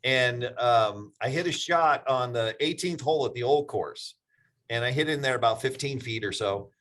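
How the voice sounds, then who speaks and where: A man's voice: mid-range voice, normal speed, fairly bright tone. Easygoing podcast host man. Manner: easygoing, laughs along, short affirmations. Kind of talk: casual podcast conversation.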